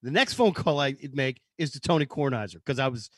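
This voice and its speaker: A man, a co-host, relaxed and chatty as he tells a personal anecdote. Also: medium pitch, a little fast, no room sound, clean studio sound. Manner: laid-back anecdote teller. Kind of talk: casual chat.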